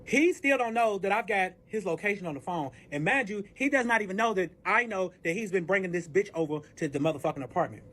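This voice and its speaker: Fast, high-voiced man telling a heated story. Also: lively intonation, a bit bright. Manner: profane, heated, reenacts arguments. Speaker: storyteller recounting a breakup. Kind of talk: casual storytelling.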